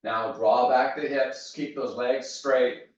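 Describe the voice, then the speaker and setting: A male fitness instructor leading a guided mobility class with steady, easygoing cues. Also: medium pitch, slow. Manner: steady cueing, easygoing asides. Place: large echoey fitness studio. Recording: echoey, distant, dull room sound.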